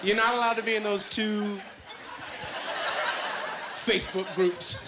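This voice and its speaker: A man performing a stand-up comedy set on a club stage, chatty and self-deprecating, with plenty of filler words and quick asides. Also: high voice, fairly even intonation, heavy background noise.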